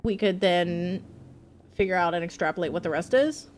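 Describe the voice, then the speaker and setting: A woman's voice: lowish voice, normal speed, faint music behind. A woman streaming a game live, chatting playfully and swearing freely as she thinks aloud. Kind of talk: casual live gameplay commentary.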